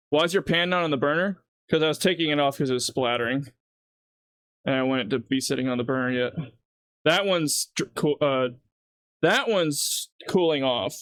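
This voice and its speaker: A man's voice: a little high, a bit bright, smooth. A man livestreaming while he cooks at home, rambling casually and laughing at his own jokes. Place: home kitchen.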